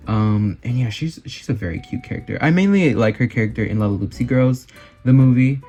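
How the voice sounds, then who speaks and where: A man's voice: lowish voice, fast talker, dark tone, soft background music. Gushing, chatty young man. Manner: chatty and gushing, heavy on fillers. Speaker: vlogger. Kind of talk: casual chat.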